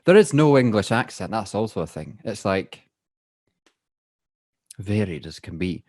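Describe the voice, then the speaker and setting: A young man with a Scottish accent, talking casually as a podcast co-host. His voice sits fairly low, and he speaks animatedly and playfully, with a dry, close sound. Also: unhurried, no echo. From Perth, Scotland. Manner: animated, playful, does voices when quoting. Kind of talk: casual chat.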